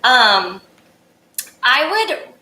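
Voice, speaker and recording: Upbeat woman voice coach, bright tone, echoey room, faint ambience. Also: fairly high pitch, very animated, very slow, a little hiss or hum. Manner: upbeat, demonstrates exercises by singing. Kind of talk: casual singing lesson, reading viewer questions.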